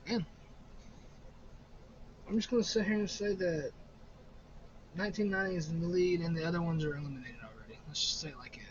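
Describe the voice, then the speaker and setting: A young man with a fairly high voice rambles through a ranking of horror films. He swears freely and laughs easily. The recording sounds a little dull, with a faint hiss underneath. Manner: profane, rambling, quick to laugh. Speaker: horror movie vlogger. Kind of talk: casual ranking commentary.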